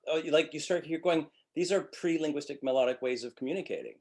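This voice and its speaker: Highly melodic male acting teacher. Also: brisk, hardly any pauses, a little mellow. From Montreal. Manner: very melodic, demonstrates with vocal sounds. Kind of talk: webinar lecture.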